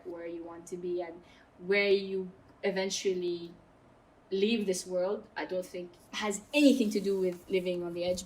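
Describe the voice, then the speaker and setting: A woman's voice: fairly low pitch, darkish tone. Outspoken Saudi woman, emphatic podcast guest. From Saudi Arabia. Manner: outspoken and emphatic, quick asides. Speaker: guest, mountaineer. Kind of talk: candid podcast interview.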